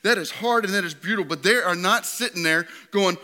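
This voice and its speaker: A man in his thirties preaching a sermon, swinging from high, impassioned appeals to quiet, tender readings. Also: fairly quick, few pauses. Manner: impassioned preaching, voice rising high then dropping soft. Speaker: pastor.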